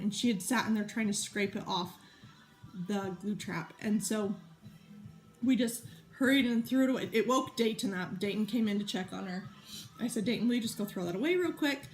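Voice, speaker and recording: A woman's voice: fairly high pitch, a bit bright. A woman in her thirties chatting casually to camera, a rambling storyteller full of fillers and asides while she works on a craft project. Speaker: vlogger and mom.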